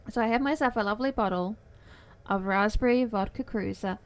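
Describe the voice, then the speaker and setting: A woman's voice: mid-range voice, fairly quick. A young woman livestreamer chatting casually with her viewers from her desk at home, playful and giggly, with cutesy baby-talk phrasing. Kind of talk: casual chat with stream viewers.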